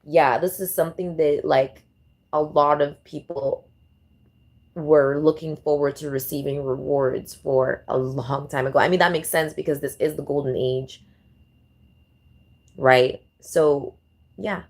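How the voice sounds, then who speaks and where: A woman hosting a casual vlog, rambling and thinking out loud as she fumbles through numbers. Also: low-pitched, fairly even intonation, a little slow. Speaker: channel host.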